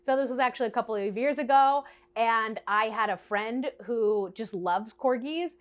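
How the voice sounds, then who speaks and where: A woman chatting to camera in a bubbly, animated way, telling a storytime to her viewers and laughing often. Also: a little high, moderate pace. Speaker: vlogger. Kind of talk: casual storytime chat to camera.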